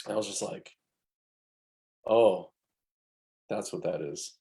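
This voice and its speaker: A man's voice: on the low side, slow pace, creaky, dark tone. A man co-hosting a podcast, rambling through stories in casual chat and acting out the quotes. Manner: rambling storyteller, acts out quotes. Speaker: podcast co-host.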